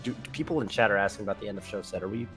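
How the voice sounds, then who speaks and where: A man's voice: on the low side, rapid-fire, a bit bright. A man co-hosting a casual gaming stream, chatty and thinking aloud, laughing often. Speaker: co-host. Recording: faint music underneath.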